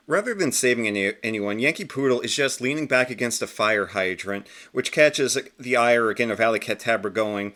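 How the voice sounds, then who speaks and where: Casual comic review host, chatty, voice swoops up and down a lot. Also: male voice, mid-range voice, normal speed, hardly any pauses. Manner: chatty, self-correcting, lively intonation.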